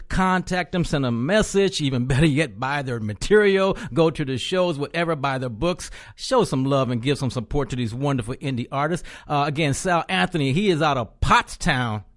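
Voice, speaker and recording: A man hosting an indie music and arts radio show, joking, teasing and laughing often between his questions. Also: medium pitch. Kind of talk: casual radio interview.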